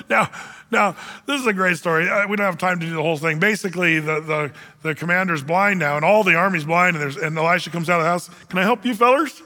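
A man preaching a sermon, telling the story in a lively way and acting out the characters as he goes. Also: fairly high pitch, fast talker, long reverb tail. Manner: animated storytelling, acts out characters. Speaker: pastor.

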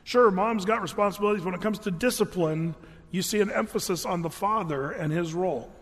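An earnest preacher with a fairly high voice delivers a conversational sermon, often stumbling and restarting his words. His voice carries a long reverb from a large hall. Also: a little fast.

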